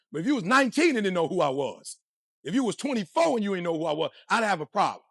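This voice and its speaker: A man giving a motivational speech, energetic and preachy, full of slang and talking straight to the crowd. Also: high voice, fast, vocal fry, dry recording, studio quality. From Detroit, USA. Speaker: motivational speaker.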